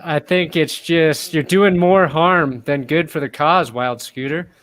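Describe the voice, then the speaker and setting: A man's voice: on the high side, unhurried, fairly bright tone, dry recording. A man on a sports chat panel, teasing another guest in a mock-serious way.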